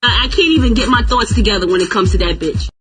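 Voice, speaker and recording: A man putting on a shrieking, outraged falsetto, screeching profanities. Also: quick pace, bright, forceful tone, breathy edge, faint music behind, exaggerated voice.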